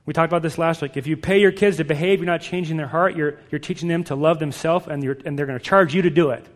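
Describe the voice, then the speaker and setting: Emphatic, fairly high-voiced male pastor. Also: steady tone, fast, long reverb tail. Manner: direct, emphatic, storytelling. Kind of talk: sermon.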